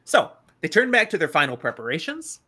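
A woman co-hosting a casual book discussion podcast, retelling the story in an animated way. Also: deep voice, a little fast, husky. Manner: animated retelling, playful voices in quotes. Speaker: podcast co-host.

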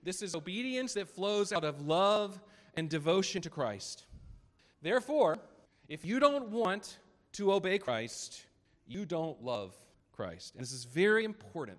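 A male pastor preaching a sermon earnestly, slowing down to stress quoted verses. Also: high-pitched, fairly bright tone. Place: church sanctuary. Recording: long hall reverb.

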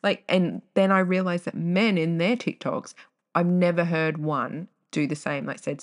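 A young woman hosting a casual solo podcast, rambling off on tangents with loud bursts of exclamation. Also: fairly low pitch, fairly even intonation, measured pace. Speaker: podcast host.

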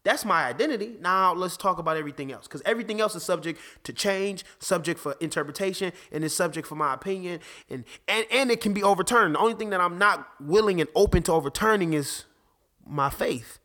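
A man hosting a podcast, talking casually about faith and fatherhood, animated, with many restarts. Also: high-pitched, brisk. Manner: animated, restarts often, acts out conversations. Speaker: podcast host.

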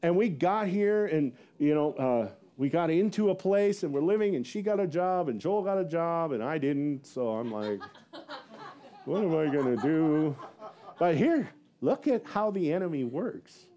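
Animated pastor man with lively pitch. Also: moderate pace, hardly any pauses. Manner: animated, acts out quotes with big pitch jumps; rambling with many fillers and self-laughs. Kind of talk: sermon storytelling.

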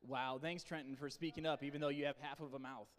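A man's voice: fairly high pitch, fairly even intonation, fast. Young guy hyping up teen volunteers, jokey and coaxing, voice bouncing around a big hall. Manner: playful teasing, loud and coaxing. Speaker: camp leader training teen volunteers. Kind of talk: energetic pep talk to a group. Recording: long reverb in a large hall.

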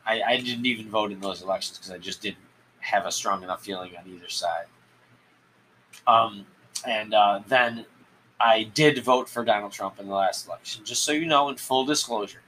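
A man hosting a solo podcast, talking in a rambling, halting way with many restarts. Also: lowish voice, pushed and bright, a little hiss or hum, poor audio. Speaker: podcast host. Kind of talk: solo political commentary podcast.

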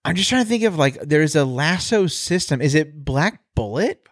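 A man's voice: a little high, animated, normal speed, dry recording, studio quality. A man co-hosting a casual podcast, joking and teasing his partner. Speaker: podcast co-host. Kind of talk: casual chat.

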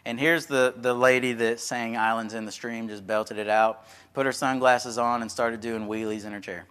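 A man's voice: medium pitch, fairly even intonation, normal speed, a bit bright, clear, resonant tone. Folksy preacher man. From Texas. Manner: folksy, conversational, acts out quoted voices. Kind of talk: sermon with storytelling.

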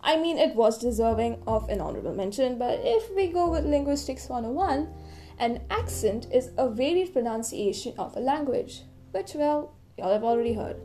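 A woman's voice: on the high side, dark tone. A young woman hosting an educational podcast, reading a script in a playful, chatty way with jokey asides. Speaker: podcast host explaining English dialects.

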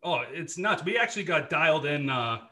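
A man in his thirties from Dorchester, Massachusetts, speaks with a Boston accent in a voice that sits on the high side, bright and pushed, with lively intonation and a fairly quick pace. He's a former hockey player appearing as a podcast guest, chatting casually in a laid-back way, laughing often and swearing freely.

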